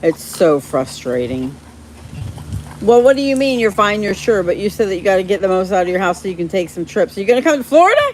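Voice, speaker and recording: A woman hosting a casual live stream, chatting warmly with viewers by name and laughing often. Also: mid-range voice, big pitch swings, fast talker, slight background noise. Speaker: livestream host reading viewer chat.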